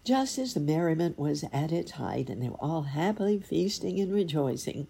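A woman narrating a fairy tale in an expressive, lively storytelling manner. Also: deep voice, moderate pace, creaky, breathy edge.

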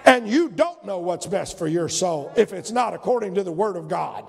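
A man preaching a sermon in a church, animated and breaking into loud emphatic shouts, sometimes mimicking whiny prayers. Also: sits high, normal speed, vocal fry, big-room sound. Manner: acts out whiny prayers in a mocking voice.

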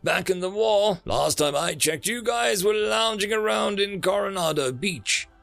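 A lanky young marine with a cheerful, jokey streak, as a male narrator voices him in an audiobook. The voice rides higher than the reader's own with bouncy swings, recorded dry and close over faint music. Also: expressive, unhurried, vocal fry, a bit bright, no room sound, heavily acted. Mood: breezy.

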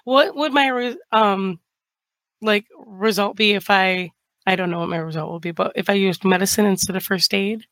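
A woman's voice: mid-range voice, normal speed, a bit bright, dry recording. A woman playing a tabletop horror game, playful and laughing as she talks. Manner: playful, laughs while talking. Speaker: player. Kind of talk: tabletop game play over voice chat.

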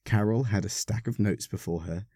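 A man narrating a short story in a measured, expressive read. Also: lowish voice, no room sound, clean studio sound. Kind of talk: scripted narration.

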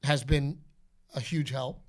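A man's voice: medium pitch, slow pace. A man co-hosting a podcast, talking casually and animatedly about being a father, often slipping into playful voices. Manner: animated storyteller, slips into playful announcer shouts. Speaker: podcast co-host.

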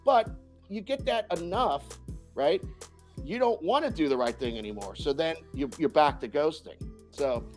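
Casting note: male dating coach, animated and profane, laughs easily, faint music underneath. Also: on the high side, moderate pace. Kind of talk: podcast interview answers.

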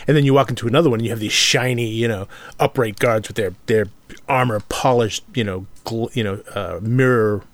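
A man's voice: mid-range voice, a little fast. A man in casual chat about tabletop role-playing, agreeable, chiming in often and laughing easily.

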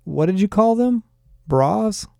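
An earnest, oddly literal young man from another world, as a male narrator puts him on. He talks slowly and haltingly in a raised, mellow voice. He sounds proud and naive in a storybook reading. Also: high voice, animated, creaky, no room sound, clean studio sound, pitched above the performer's own voice, full character voice.

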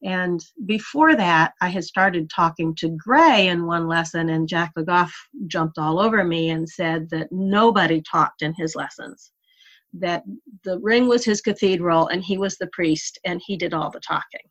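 A horse rider appearing as an interview guest recounts her early riding days in a lowish voice. She's an animated, unhurried storyteller whose voice rises and falls with the tale, and she laughs as she remembers.

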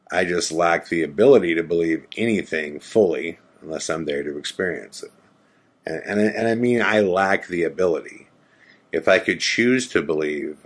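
A man's voice: deep voice, fairly bright tone. A man casually recounting a ghost-hunting trip, rambling with frequent fillers and skeptical asides. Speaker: storyteller recounting a ghost hunt. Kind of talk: casual spoken storytelling.

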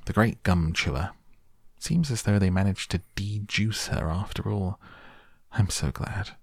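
Willy Wonka, a deep gravelly chocolate maker, as a man reads him. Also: no echo, clean studio sound, full character voice. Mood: offhand. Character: eccentric cheerful male chocolate maker.

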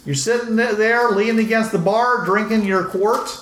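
Casting: man with a high voice as game master of a tabletop game, halting delivery, echoey room with faint noise. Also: steady tone, a bit bright. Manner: hesitant, with many fillers.

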